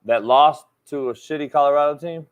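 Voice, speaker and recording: A man's voice: a little high, brisk, smooth, muffled recording. A man hosting a casual sports talk show, a football coach who talks bluntly and swears a lot. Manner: blunt, profane, emphatic.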